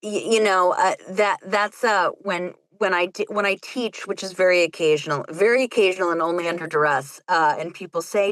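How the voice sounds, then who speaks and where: A woman audiobook narrator as a guest in a casual chat, rambling and self-mocking, acting out quotes with sudden high jumps. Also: fairly quick, hardly any pauses, fairly bright tone, dry recording, poor audio.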